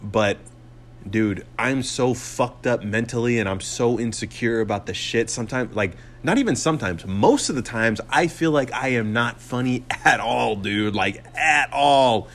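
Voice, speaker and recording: Male, 20s, solo podcast host and comic; middle-pitched voice, cussing and sarcastic, rambling delivery full of fillers. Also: lively intonation, moderate pace.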